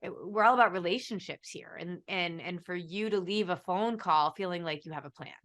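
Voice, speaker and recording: A woman's voice: lowish voice, moderate pace, a bit bright. A woman hosting a live-stream interview, upbeat and encouraging, turning to speak straight to her viewers. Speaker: host, nutrition business owner.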